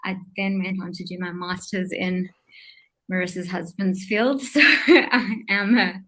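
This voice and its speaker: A woman from South Africa with a South African accent, a guest in a casual livestream chat, explaining things in a measured way. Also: on the low side, fairly even intonation, pushed and bright, slight background noise, rough recording. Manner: measured, explanatory, with filler ums.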